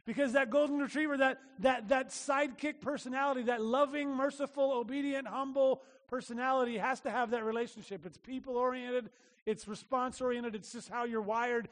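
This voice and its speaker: A male pastor giving a conversational sermon, animated, acting out little voices and asking the room questions. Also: very high-pitched, brisk, big-room sound.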